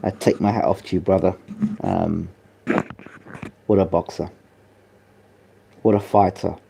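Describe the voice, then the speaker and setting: A grieving man speaks softly and haltingly, pausing often between his words. His voice is low, dark and gravelly. He delivers a personal spoken tribute. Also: steady tone, slight background noise. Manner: halting, soft and subdued, many pauses and fillers. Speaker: boxing channel host.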